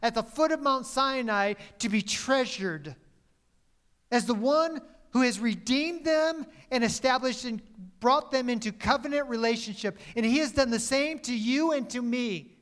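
A little slow and very high-pitched, this male pastor preaches a sermon that swings between emphatic, raised lines and soft, dropped phrases. Occasionally he corrects himself mid-sentence.

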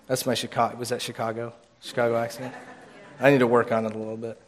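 A man's voice: medium pitch, level tone, fast talker. A man preaching an informal sermon in a church room, casual and joking with many restarts.

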